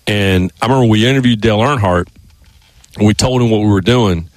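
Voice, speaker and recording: Low voiced sports radio guy, rambly, restarts a lot, dry studio sound. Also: fairly quick, no echo. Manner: rambling storyteller, frequent restarts. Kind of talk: casual sports talk.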